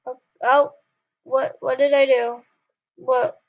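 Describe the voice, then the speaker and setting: Her voice is high with little pitch movement, and she takes her time. She's a young gaming channel host casually remarking on her play, often annoyed and apologizing to her viewers. The dry recording has a dull, lo-fi quality.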